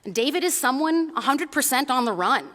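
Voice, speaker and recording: Woman preacher with a bright voice. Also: high-pitched, animated, normal speed, in a large hall. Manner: conversational, storytelling, asks the congregation questions. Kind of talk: sermon.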